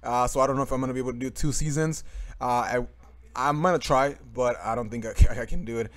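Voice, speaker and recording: A man's voice: mid-range voice, fast. Rambling young man commentating gameplay. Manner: rambling, many fillers and restarts. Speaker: gaming commentator.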